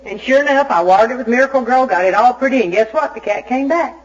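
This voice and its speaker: A woman from Arkansas gives a recovery meeting talk as an Al-Anon speaker, telling her story in an animated, self-mocking way. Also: a little high, fast. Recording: dull lo-fi tape recording.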